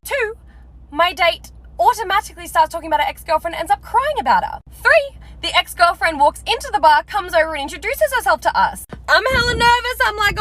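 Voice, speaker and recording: A woman's voice: very high-pitched, lively intonation, a little fast, fairly bright tone. A woman telling a gossipy, breathless dating storytime. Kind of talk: comedic storytime monologue.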